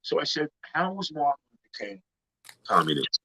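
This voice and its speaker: A man on a talk panel, telling everyday stories in a casual, animated way and acting out the people he quotes. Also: a little high, normal speed, creaky, breathy edge, no echo. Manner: animated storyteller, acts out quoted voices. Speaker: panel guest. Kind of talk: casual storytelling chat. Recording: slightly dull lo-fi sound.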